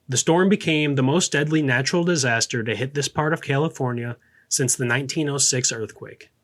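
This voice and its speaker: A man of ordinary middle pitch hosting a podcast and reading a true-story script. He trips over names and words, restarts his sentences and mutters quick asides to himself. Now and then he drops the script for a casual, chatty aside. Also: fairly bright tone. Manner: breaks off into casual off-script commentary. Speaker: podcast host.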